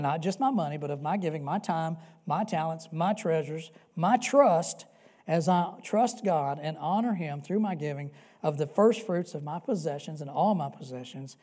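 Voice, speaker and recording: Male pastor, sermon delivery, warm mellow tone, earnest, repeats key phrases, dynamic from hush to loud. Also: a little high. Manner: swings between loud emphatic peaks and soft hushed stretches.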